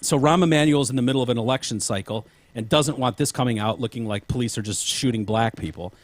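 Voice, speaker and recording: A man's voice: mid-range voice, fast. A man hosting a podcast in casual chat, rambling with frequent restarts and casual swearing. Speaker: podcast host.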